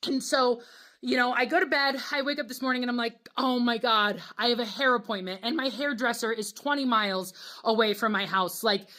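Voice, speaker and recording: A young adult woman telling a casual storytime and acting out her own reactions with animated energy. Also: on the high side, a little fast.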